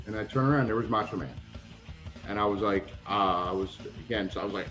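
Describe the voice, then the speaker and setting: A man guest in a casual interview, telling lively anecdotes and acting out the people he quotes. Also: on the low side, a little fast, soft background music, rough recording. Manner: animated anecdotes, acts out quoted voices, swears. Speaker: retired pro wrestler, guest.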